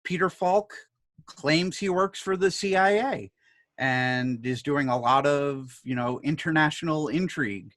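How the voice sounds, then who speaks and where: A man's voice: on the high side, measured pace, a bit bright, dry recording. A man co-hosting a film review podcast, recounting a movie with enthusiasm. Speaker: podcast co-host reviewing films. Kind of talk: casual chat.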